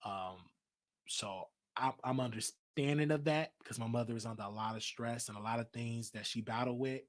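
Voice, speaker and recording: A man's voice: mid-range voice, normal speed. A man hosting his own live talk show, speaking candidly about family, with frequent restarts and a Southern US accent. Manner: candid personal venting, many restarts. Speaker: show host. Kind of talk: livestream talk show monologue.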